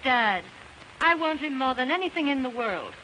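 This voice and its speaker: A woman's voice: sits high, expressive, moderate pace, bright, forceful tone. An actress playing a spoiled, eager young rich woman in a 1930s film, coaxing and playful. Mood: cajoling. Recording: noisy old film soundtrack.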